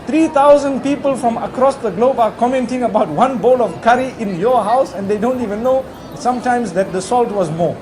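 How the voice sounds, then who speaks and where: A man giving a conversational Islamic sermon, talking directly to his listeners in a relaxed way with frequent asides. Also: very high-pitched, brisk, few pauses, background noise. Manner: relaxed, talks directly to the audience with frequent "you know". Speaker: Islamic preacher.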